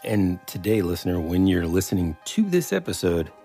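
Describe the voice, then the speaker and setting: A man's voice: low voice, sing-song, moderate pace, mellow, soft background music. A man co-hosting a casual podcast, rambling and searching for words as he teases his partner. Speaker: podcast co-host.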